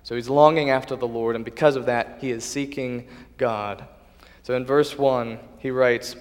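A man preaching a sermon in an earnest, measured way, now and then restarting a phrase. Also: mid-range voice, steady tone. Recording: long reverb of a hall.

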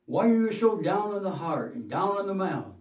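A man voicing an elderly woman, a cheerful devout patient, in a fervent, drawn-out scolding manner. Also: sits high, big pitch swings. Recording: roomy hall, mic at a distance.

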